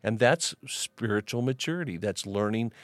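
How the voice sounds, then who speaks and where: A middle-aged man, a pastor, reading King James scripture slowly and deliberately, then teaching on it in a podcast. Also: lowish voice, animated, dry recording.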